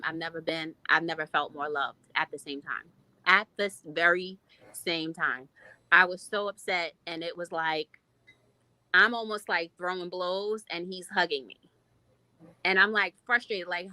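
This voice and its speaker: A woman's voice: on the low side, pushed and bright, low-quality recording. A woman in her thirties, a podcast guest, telling a personal story in a heartfelt, reflective way. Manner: heartfelt, reflective, speaks in long flowing runs. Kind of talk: personal testimony in a podcast interview.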